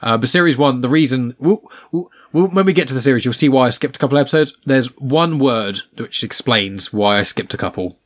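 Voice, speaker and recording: A man hosting a podcast in casual chat, animated and emphatic with strong opinions. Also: medium pitch, brisk, hardly any pauses. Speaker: podcast host.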